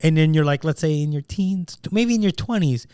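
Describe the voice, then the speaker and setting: A man's voice: a little high, lively intonation, fairly quick, a little mellow, smooth, dry recording, clean studio sound. Emphatic, foul-mouthed man on a podcast. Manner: emphatic, swears freely, repeats words when starting sentences. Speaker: podcast co-host. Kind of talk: casual podcast chat.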